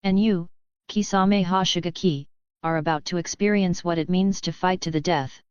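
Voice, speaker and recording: A woman's voice: lowish voice, steady tone, moderate pace, darkish tone, clean tone, no echo, lo-fi sound, natural voice. A woman reading the part of a cold, commanding female soldier.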